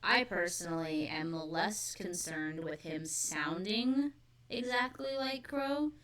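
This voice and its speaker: A woman's voice: fairly low pitch, slow, a bit bright, distant mic. A woman co-hosting a fan discussion stream, talking enthusiastically with lots of fillers. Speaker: podcast co-host.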